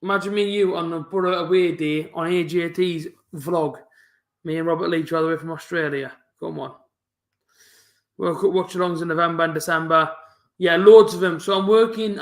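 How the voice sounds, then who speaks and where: A young man, chatting casually on a live football watch-along, talking fast with a stutter and some mumbling. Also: fairly high pitch, steady tone, echoey room. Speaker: football fan streamer hosting a live match watch-along. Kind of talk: casual live-stream chat.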